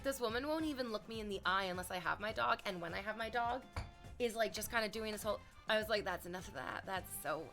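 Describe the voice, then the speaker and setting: A woman's voice: mid-range voice, a bit bright. A young woman streaming, chatting casually with her viewers and telling a story with playful quoted voices. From Canada.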